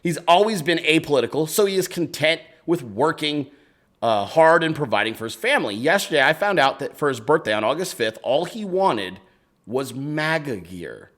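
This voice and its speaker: A man's voice: fairly high pitch, big pitch swings, normal speed, a bit bright. A man hosting a casual chat show, reading viewer emails aloud and answering them in a loose, profane, laughing way.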